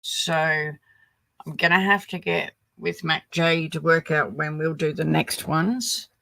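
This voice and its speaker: A woman's voice: low voice, slow, creaky, no room sound, rough recording. An older Australian woman hosting a livestream, chatting casually and rambling with fillers. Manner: relaxed, rambling, lots of fillers. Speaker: livestream host.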